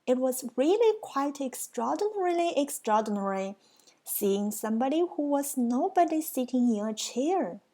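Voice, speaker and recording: A woman's voice: sits high, very animated, normal speed, warm tone. A woman reading a children's picture book aloud, with playful, teasing asides to her listeners. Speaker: storybook reader.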